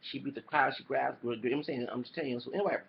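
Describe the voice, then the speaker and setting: Gravelly man ranting on a lo-fi recording. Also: mid-range voice, racing, slight background noise. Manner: heated, cussing, repetitive, apologizes for swearing. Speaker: YouTuber. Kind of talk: reaction commentary rant. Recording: dull lo-fi recording.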